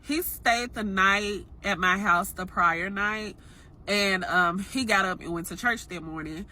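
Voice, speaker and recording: Bright-voiced woman telling a dating story. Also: mid-range voice, unhurried. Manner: chatty, frank, lots of "um" and "like". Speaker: storytime vlogger. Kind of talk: casual storytelling to camera.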